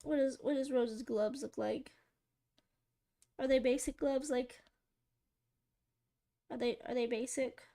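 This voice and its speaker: Drawing live for viewers, a woman with a high-pitched, dark voice keeps a steady tone, speaks a little slowly, and leaves long pauses. She's giggly and rambling in her casual chat, trying on silly voices.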